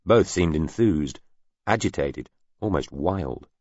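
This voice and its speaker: A man narrating an audiobook in an even, measured reading. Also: deep voice, dry recording, dull audio. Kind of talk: scripted narration.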